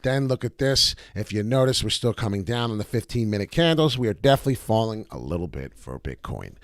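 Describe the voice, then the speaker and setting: Upbeat male crypto vlogger with a slightly cracking voice, lively rising and falling delivery, dry close sound. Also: on the low side, fast, few pauses, no echo. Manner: excitable and chatty, with many "uh" fillers; breaks into loud off-key singing. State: voice cracking in the morning. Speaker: crypto chart analyst and channel host. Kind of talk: casual crypto chart commentary.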